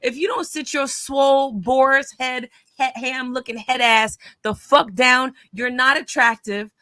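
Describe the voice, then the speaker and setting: Bright-voiced woman mocking someone. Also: high-pitched, unhurried, no room sound. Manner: blunt, mocking, animated storytelling. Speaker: host. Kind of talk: casual commentary chat.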